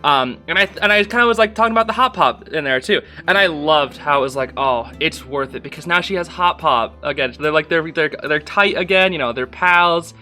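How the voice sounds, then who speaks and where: Excited young man gushing over an episode. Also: fairly high pitch, fairly quick, few pauses, faint music behind. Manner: excited, gushing, repeats himself. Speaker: video reviewer. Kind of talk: casual episode review.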